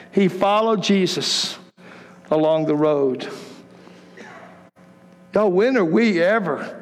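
A man with a high voice preaches with emphatic, impassioned conviction. His words ring out with a long reverb, like a church sanctuary. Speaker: pastor. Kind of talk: sermon.

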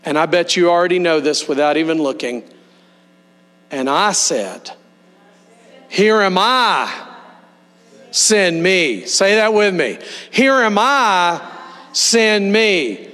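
A man pastor delivering a sermon, leading the congregation in slow, emphatic call-and-response. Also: fairly high pitch, expressive, a bit bright. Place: church sanctuary. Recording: long hall reverb with mains hum.

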